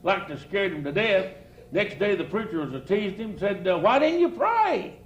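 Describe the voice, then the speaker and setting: A man's voice: sits high, normal speed, muffled recording. An older man telling comic stories to a live audience in a folksy drawl. He chuckles often and builds each tale to a punchline. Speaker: evangelist storyteller. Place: outdoor church campground stage. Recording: roomy live recording, faint noise.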